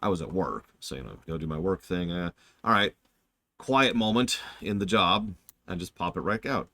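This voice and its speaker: A man in his forties giving chatty, animated gaming commentary as a streamer, humming along at times. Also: low voice, normal speed, no room sound. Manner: animated, chatty, hums game music.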